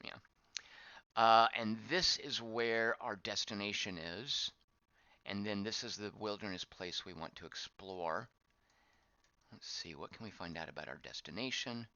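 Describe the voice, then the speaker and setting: A man's voice: on the low side, measured pace, pushed and bright, dry recording. A man giving casual gameplay commentary as he plays, thinking aloud, wondering and reacting to what is on screen. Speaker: game streamer. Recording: dull lo-fi dry voice track.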